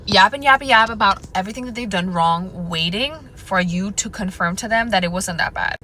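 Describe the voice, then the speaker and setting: Speaking straight to camera, a young woman hands out dating advice in a sassy, confiding tone, calling her viewers girl and honey. Her voice is medium-pitched and sharp, and the poor audio carries slight background noise.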